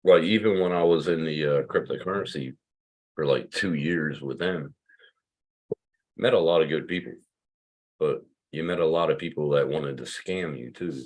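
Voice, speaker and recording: A man's voice: very deep voice, normal speed. A man in his fifties from Pennsylvania, hosting a loose livestream chat, rambling and swearing freely. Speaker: livestream host.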